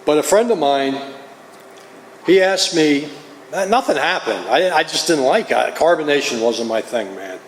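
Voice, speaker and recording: A man's voice: fairly high pitch, lively intonation, moderate pace. Middle-aged New Jersey man, confessional speaker, recorded in an echoey hall with faint background hum. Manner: earnest, confessional storytelling. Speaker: recovery meeting speaker. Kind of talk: personal testimony. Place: meeting hall. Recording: roomy hall, faint ambience.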